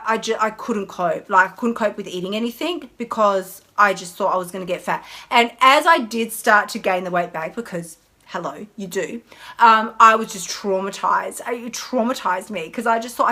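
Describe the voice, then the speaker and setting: A woman, a health coach chatting casually on a live stream in an animated way. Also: mid-range voice, moderate pace. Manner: chatty, animated, mimics whiny inner voices.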